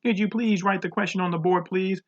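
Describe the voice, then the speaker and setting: A man's voice: moderate pace, fairly bright tone, muffled recording, close to an everyday voice. A man voicing a stern, short-tempered female schoolteacher who scolds in a raised, mocking voice. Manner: snapping, mocking, high-pitched scolding.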